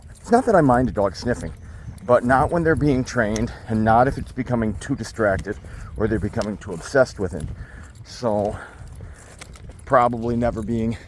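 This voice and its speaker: A man working as a dog trainer, explaining his methods while out in a forest and often slipping into high baby talk with the dog. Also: slight background noise. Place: outdoors in a state forest.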